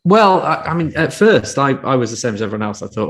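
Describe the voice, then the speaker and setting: A man with an English accent giving his views in a casual chat, measured and a little hesitant. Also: mid-range voice, big pitch swings, creaky. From England.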